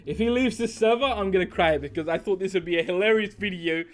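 A young man doing playful gaming commentary, excitable and jokey, swinging between mumbled asides and shrieks. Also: high voice, fast. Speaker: Minecraft YouTuber. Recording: faint background music.

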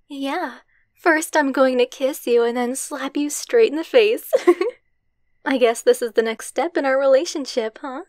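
Young woman as a foul-mouthed tsundere girlfriend for ASMR roleplay: high voice, unhurried, dry close mic. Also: no room sound. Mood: tender. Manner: swears a lot, gruff then embarrassed.

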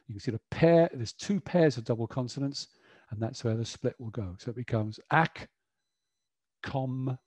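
A man's voice: mid-range voice, warm tone, slightly rough, no room sound. A middle-aged man presenting an educational webinar, chatty and explanatory, often saying "you know".

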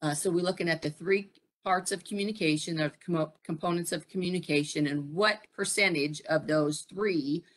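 A middle-aged woman presenting a live-streamed workshop, pausing often with fillers and putting questions to her audience. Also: lowish voice. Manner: frequent fillers and pauses, asks the audience questions. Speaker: presenter at a military family program.

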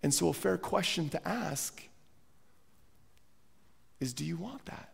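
A man's voice: fairly high pitch, lively intonation, takes it slowly, vocal fry, breathy edge. A man preaching a sermon as pastor while he has a cold, earnest and often repeating words as he restarts his phrases. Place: church sanctuary. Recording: long church hall reverb.

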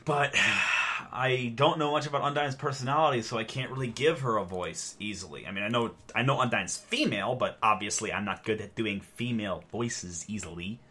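A man's voice: medium pitch, brisk, bright, forceful tone, slightly rough. A young man giving casual, self-deprecating commentary while playing a video game and reading its text aloud. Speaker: let's play host.

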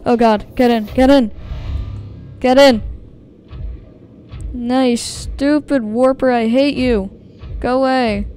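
A woman streamer commentates her own gameplay in a let's-play, speaking directly to her viewers; she startles easily and nervously repeats herself. Her slightly high voice is warm and clean, steady in tone, slow and often paused, with faint music in the background.

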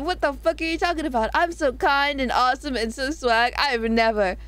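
A woman's voice: high voice, fairly quick, fairly bright tone, no echo. A young woman streamer in casual live-stream chat, reading chat aloud with lots of swearing and laughing. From Southern US.

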